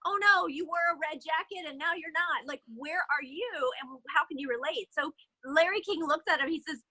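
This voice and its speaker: Bright, high-voiced woman telling a motivational story. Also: fairly quick, dry recording, rough recording. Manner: animated, filler-heavy storytelling. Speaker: sales director. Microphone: video call.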